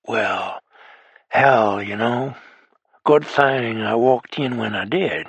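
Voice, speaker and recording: Here is a menacing cowboy killer, put on by a male narrator. He speaks low in a long, slow drawl, with a gravelly, husky grain. The sound is close and dry. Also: very animated, fairly bright tone, no room sound, full character voice. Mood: laconic.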